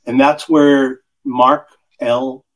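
A man on a podcast panel giving steady, essay-like prepared commentary. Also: mid-range voice, extremely slow, poor audio.

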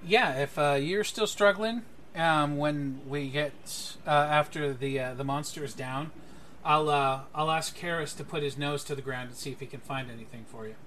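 A man narrating as game master of a tabletop role-playing game, pausing often with ums and uhs. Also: on the high side, bright, forceful tone, a little hiss or hum. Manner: hesitant, lots of ums and uhs.

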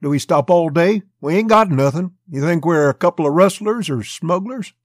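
A man voicing a rough, sneering cowboy outlaw who talks impatiently with disdain. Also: a little high, animated, moderate pace, dry recording, studio quality, pitched above the performer's own voice.

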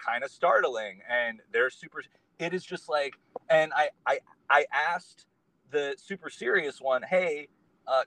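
A man's voice: a little high, sharp tone, no echo, poor audio. A man, a guest on a podcast, talking in a casual conversation and telling his story in an earnest, meandering way.

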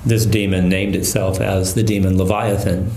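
A man who is a Catholic priest and exorcist, calmly recounting a case in an interview. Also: deep voice, a little hiss or hum. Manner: calm, measured storytelling. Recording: echoey room.

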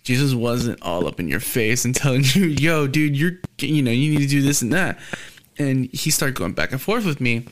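A man's voice: medium pitch, animated, moderate pace. A man hosting a podcast, chatting casually and telling a story, acting out the lines of the people in it. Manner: storytelling, acts out quoted exchanges. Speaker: podcast host.

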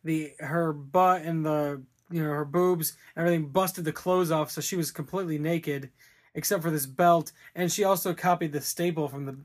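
A man's voice: on the high side, steady tone, normal speed. A man co-hosting a casual podcast, rambling through a movie recap with laughs and crude jokes. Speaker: podcast co-host. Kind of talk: casual movie discussion chat.

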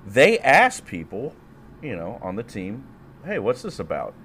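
Deep-voiced, profane podcast host man. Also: huge pitch swings, a little slow, fairly bright tone, slight background noise. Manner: profane, rambling, laughs a lot. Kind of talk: casual chat.

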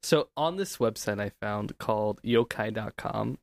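A man's voice: on the low side, expressive, measured pace, creaky, no echo. A man co-hosting a casual home podcast, rambling and chuckling, close to a desk mic. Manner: laid-back, chuckling, rambling. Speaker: podcast co-host. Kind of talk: casual chat. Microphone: desk studio mic.

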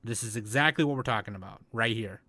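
A man co-hosting a casual anime review chat, excitable and swearing often as he mocks shows. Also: fairly low pitch, fast talker, no room sound. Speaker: podcast co-host.

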